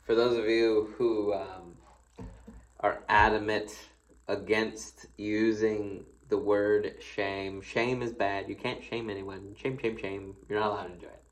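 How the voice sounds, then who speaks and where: A man's voice: on the low side, level tone, slow pace, low-quality recording. A man, a pastor, giving a casual devotional, reading scripture aloud and then commenting in a folksy, playful, conversational way. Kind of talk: casual devotional Bible teaching.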